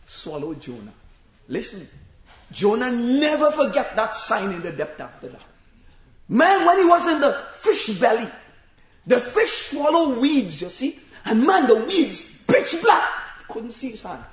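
A man preaching a sermon, telling the story dramatically and shouting at times for emphasis. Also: very high-pitched, unhurried, reverberant, muffled recording. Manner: animated storytelling, acting out voices and shouting for emphasis.

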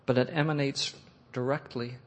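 A man preaching a sermon, reading and expounding scripture earnestly, pushing phrases up and letting them fall soft. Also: medium pitch, steady tone, moderate pace. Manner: earnest, rising to emphatic phrases then dropping soft. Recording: echoey hall with long reverb.

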